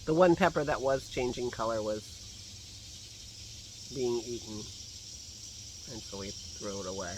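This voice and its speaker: A man's voice: medium pitch, expressive, unhurried, long pauses, background noise. A man with a slight lingering cough, rambling casually while filming himself on a phone out in his garden. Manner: rambling, chatty, laughs to himself. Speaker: vlogger. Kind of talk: casual chat. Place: outdoors in a garden. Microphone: phone held at arm's length.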